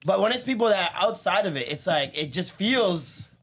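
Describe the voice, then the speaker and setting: A man's voice: sits high, lively intonation, moderate pace, fairly bright tone. Slangy Toronto man hosting. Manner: slangy, storytelling, frank. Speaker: podcast host. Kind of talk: casual podcast chat.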